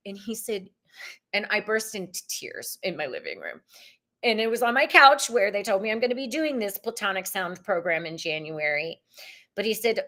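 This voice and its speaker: A woman's voice: medium pitch, animated, normal speed, sharp tone. A woman giving tarot readings live, chatting casually with viewers in a bubbly, spiritual way. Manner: chatty, bubbly and spiritual, with frequent likes and ums. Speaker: tarot reader hosting a live stream. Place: living room at home.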